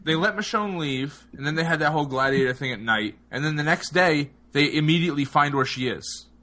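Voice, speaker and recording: Bright-voiced man recapping animatedly. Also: fairly high pitch, brisk. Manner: animated, incredulous, quotes characters mockingly. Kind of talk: casual discussion of a TV episode.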